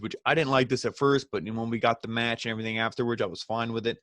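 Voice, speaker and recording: A man talks through a wrestling episode in a loose, sarcastic rant and keeps slipping into mocking asides. His voice sits at an ordinary middle pitch. The sound is dry and close, with no room around it. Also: steady tone, fairly bright tone, dry recording. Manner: sarcastic, ranting, mimics wrestlers in quick asides. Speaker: wrestling review host. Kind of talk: casual recap commentary.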